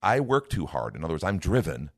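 A man's voice: low-pitched, sing-song, quick pace, breathy edge, no room sound, studio quality. A middle-aged man, a minister, teaching from the Bible in an earnest, conversational way. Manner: earnest, lifts his voice to act out everyday speech.

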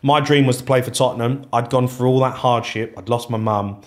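A man, a former footballer telling stories in a casual interview, animated and swearing freely as he acts out old conversations. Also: medium pitch, a little fast.

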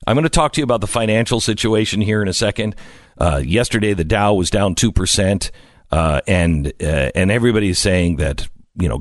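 A man hosting a talk radio show, speaking in a conversational monologue with frequent "uh" pauses. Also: lowish voice, dry recording, clean studio sound.

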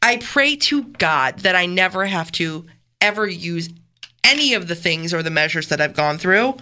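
A woman co-hosting a morning radio show, talking in an animated, emphatic, earnest way. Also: fairly low pitch, moderate pace. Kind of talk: casual radio chat. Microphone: studio microphone.

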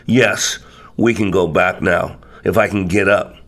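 A man's voice: fairly low pitch, expressive, measured pace, fairly bright tone, pitched below the performer's own voice. A man voicing a put-upon male camel in a spoken folktale, pleading and reproachful by turns. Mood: angry.

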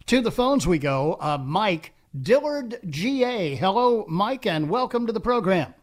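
A man's voice: sits high, sing-song, unhurried. A man hosting a radio talk show, reading texts and taking calls in a friendly, upbeat way.

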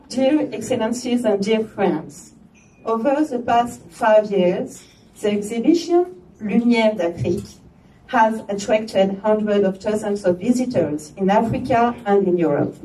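At a gallery opening, a French-accented woman who chairs an arts organization delivers a formal opening speech, mixing in chatty asides and restarts. Her voice is medium-pitched and mellow, with a little hiss or hum, recorded from far off in an echoey room.

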